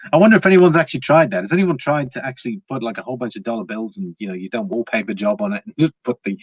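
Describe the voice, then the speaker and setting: A man's voice: medium pitch, husky, no room sound, dull audio. A man hosting a casual livestream, chatting to viewers, laughing often and restarting his words. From Britain. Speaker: livestream host.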